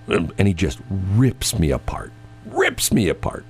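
A man with a very low, gravelly voice chats on a morning radio show. He tells rambling stories, stammering and repeating words, and his pitch swings widely. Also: huge pitch swings, brisk, a little mellow. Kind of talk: casual on-air chat. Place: radio studio.

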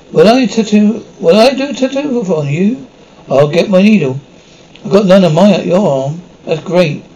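A man's voice: high voice, mellow, a little hiss or hum, low-quality recording. An actor playing a rambling, childlike male prisoner who shows off his tattoos and keeps stumbling over his words. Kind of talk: mockumentary comedy acting.

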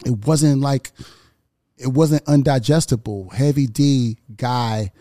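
Animated man telling stories. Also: mid-range voice, slow, dry recording, studio quality. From Houston, Texas. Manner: animated, profane storytelling with many repeats. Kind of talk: casual chat.

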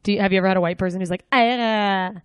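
A young woman hosting a casual chat, asking quick, playful questions. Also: lowish voice, flat delivery, a little mellow, no echo, clean studio sound. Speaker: podcast host.

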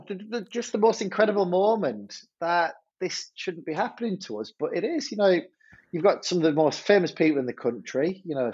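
A head teacher, telling a story in a podcast interview, animated and stumbling over repeated words. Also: male voice, high voice, slightly rough, dull audio.

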